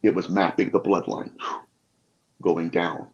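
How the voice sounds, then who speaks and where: Male guest, low voice, passionate storyteller, muffled recording. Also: steady tone, measured pace. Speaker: guest demonologist. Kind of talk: podcast interview anecdotes. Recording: dull lo-fi audio.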